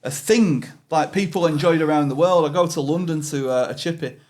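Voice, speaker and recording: A man's voice: fairly high pitch, fairly quick, a little mellow. A man, co-hosting a podcast in casual chat, talking with chatty enthusiasm. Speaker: podcast co-host. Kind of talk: casual pub-style chat.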